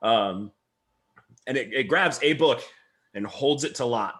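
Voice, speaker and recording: A man's voice: mid-range voice, unhurried, pauses often, a bit bright. A man narrating a tabletop role-playing game as game master, rambling with many restarts.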